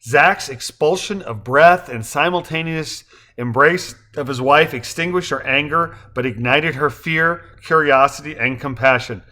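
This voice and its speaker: A man narrating a novel aloud in a measured reading. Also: on the high side, pushed and bright. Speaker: audiobook narrator. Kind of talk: scripted narration.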